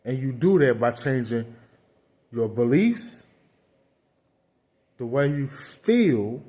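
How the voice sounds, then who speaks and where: A man's voice: mid-range voice, very animated, takes it slowly, dark tone. A man gives a casual motivational talk, earnest and repetitive, restarting phrases as he goes. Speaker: motivational speaker.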